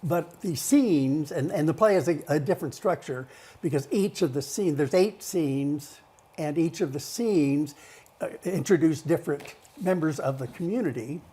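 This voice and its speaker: A man's voice: fairly high pitch, normal speed, dark tone, husky. A man, a play director, guesting in a TV studio interview, thoughtful and a bit hesitant. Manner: hesitant, thoughtful, restarts often.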